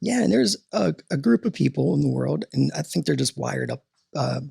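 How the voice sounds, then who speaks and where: A man talking as a podcast guest and coach, animated and motivational, often tossing in "right?" as he talks. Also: a little high, normal speed, vocal fry, husky.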